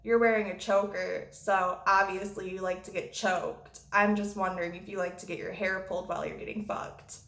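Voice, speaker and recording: A woman's voice: mid-range voice, little pitch movement, normal speed, few pauses, fairly bright tone, close to an everyday voice. A woman voicing a drunk, crude young man who talks in a blunt, lewd way. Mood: leering. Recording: roomy echo.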